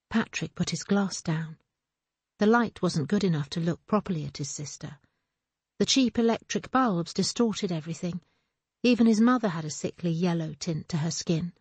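A woman narrating an audiobook in a steady, measured way. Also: fairly low pitch, breathy edge, no echo. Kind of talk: scripted narration.

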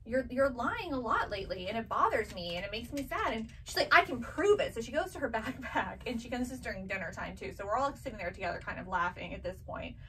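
A woman's voice: fairly high pitch, expressive, fast, hardly any pauses, fairly bright tone, far from the mic, slight background noise, poor audio. Chatty woman telling family stories. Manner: chatty storytelling, acts out her kids' voices. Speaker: vintage box seller and mother. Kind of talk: casual chat.

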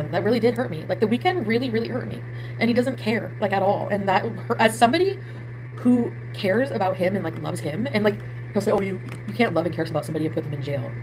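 In this confessional vlog, a young adult woman speaking at medium pitch pours out her frustrations about a trip and her friends, rambling and cursing as she goes. The clip is noisy, with music underneath.

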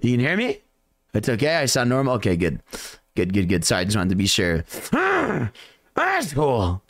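A man's voice: medium pitch, huge pitch swings, moderate pace, fairly bright tone. A man streaming a game, chatting loosely with his viewers, calling them "bro" and joking around. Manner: loose and joking, calls chat "bro", improvises silly songs. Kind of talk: casual livestream chat. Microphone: desk mic.

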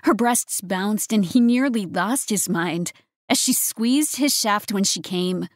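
A woman narrating a romance audiobook in a steady, even reading voice. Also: medium pitch, takes it slowly, dry recording, clean studio sound.

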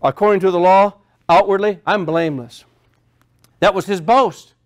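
A man's voice: sits high, moderate pace. A male pastor preaching a sermon, repeating phrases and building emphasis as he goes.

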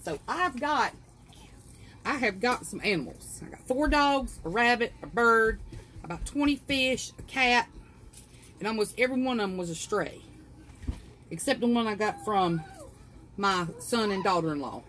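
Chatty Southern woman with a lively voice. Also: a little high, normal speed, long pauses, slight background noise. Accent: Southern US (South Carolina). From South Carolina, US. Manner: chatty, folksy, greets viewers by name, laughs at herself. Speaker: craft livestream host. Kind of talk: casual livestream tutorial. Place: home kitchen.

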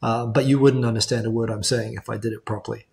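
A man's voice: medium pitch, steady tone, fast talker, creaky, a little mellow. A man from New Zealand, speaking with a New Zealand accent tinged with Australian, hosting a casual livestream and rambling through viewer comments with lots of fillers and restarts. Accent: New Zealand, slightly Australian. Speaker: livestream host. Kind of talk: casual live-stream chat reading viewer comments. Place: home in Australia. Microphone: desk USB microphone.

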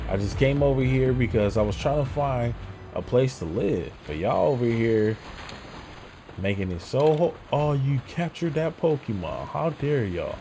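A young man streaming a video game, loudly and excitedly talking back to the characters on screen in casual, swearing slang. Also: mid-range voice, a little slow. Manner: loud, animated, talks to game characters. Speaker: gameplay streamer. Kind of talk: excited gameplay commentary.

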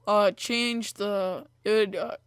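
A woman's voice: medium pitch, steady tone, takes it slowly, smooth, dry recording, studio quality. A young woman hosting a gameplay video, chatting casually with lots of fillers as she plays. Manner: chatty, rambling, many fillers like "like" and "you know". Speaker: gaming video host.

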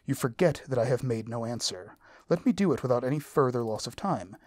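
A man's voice: mid-range voice, lively intonation, a little fast, a little mellow, dry recording, lightly acted. A man reading as a spirited young woman refusing. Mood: firm. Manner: firm and exasperated refusal.

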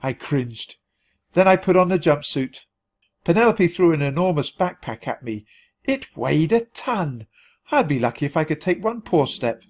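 A man reading a children's storybook aloud at natural speed for language learners, clear and expressive. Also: a little high, normal speed. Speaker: storybook reader.

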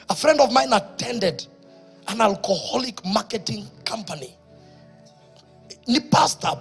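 A man with a Kenyan accent, a pastor preaching a sermon in church, moving from quiet storytelling to loud exhortation. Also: high-pitched.

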